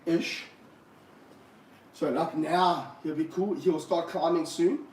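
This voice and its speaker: A man keeping snakes, talking through a live stream as he handles one, with excited bursts and low muttered asides. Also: slow. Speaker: snake keeper. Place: room of snake enclosures, indoors. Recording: roomy, from a distance, faint background hum.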